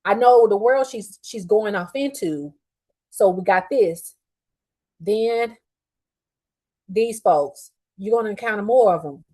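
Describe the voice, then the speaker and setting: A woman's voice: mid-range voice, slow pace, long pauses. A middle-aged woman hosting a podcast, telling a personal story in a candid, profane and heated way, upset after a day of crying. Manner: candid, profane and heated, swinging between quiet fuming and loud outbursts. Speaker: podcast host.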